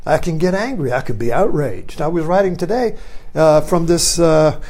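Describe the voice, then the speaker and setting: A man's voice: a little high, lively intonation, moderate pace, darkish tone. An older man giving a rambling philosophical talk he records himself, musing aloud and often tagging phrases with "you see.". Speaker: online talk host.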